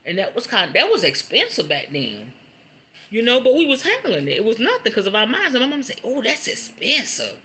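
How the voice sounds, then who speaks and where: A man hosting a casual spiritual talk, animated and conversational, reading viewer comments aloud. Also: very high voice, fairly quick, rough recording. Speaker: host.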